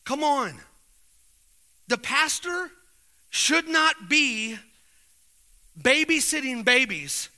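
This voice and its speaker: A man's voice: extremely high pitch, lively intonation, drawn-out words, long pauses, sharp tone. A male pastor preaching a fervent sermon in church, urging his congregation on with call-and-response cues.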